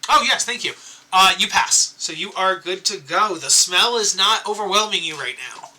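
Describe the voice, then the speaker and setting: Lively high-voiced man running the game. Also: normal speed, a little hiss or hum, poor audio. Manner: laughs often, animated. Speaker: dungeon master. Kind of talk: running a tabletop game, casual.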